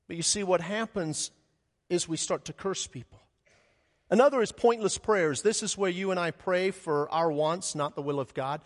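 Animated male preacher in a reverberant hall. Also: moderate pace. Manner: animated preaching with sudden loud, high bursts and acted asides. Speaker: pastor. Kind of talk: sermon.

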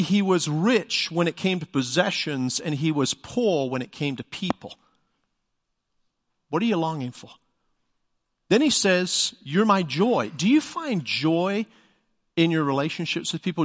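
A man's voice: a little high, a bit bright, long reverb tail. A middle-aged man preaching a sermon as a pastor, emphatic and conversational, asking the congregation rhetorical questions.

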